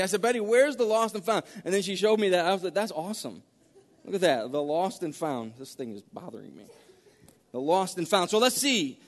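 A man preaching as a guest pastor, folksy and halting, with many restarts. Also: high voice. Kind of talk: sermon with storytelling. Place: church sanctuary. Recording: long church-hall reverb.

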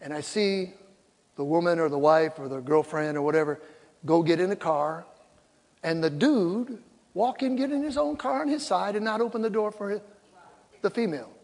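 An older man delivers a sermon in a notably high voice, mixing teaching with humor. He slips into acted-out quotes to make his points. Long hall reverb trails his words. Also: moderate pace, gravelly, a little mellow. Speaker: pastor.

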